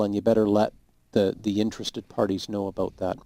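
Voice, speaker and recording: Gravelly low-voiced lawyer man. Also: flat delivery, mellow, no room sound. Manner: measured, emphatic advice with fillers. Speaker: lawyer guest. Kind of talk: explaining law on a talk show.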